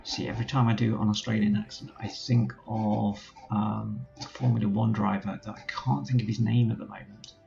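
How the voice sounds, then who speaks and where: A man's voice: on the low side, level tone, moderate pace, gravelly, hardly any pauses, darkish tone, muffled recording, soft background music. A man commentating a strategy game let's play, thinking aloud as he gives orders to his units. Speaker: gaming channel host.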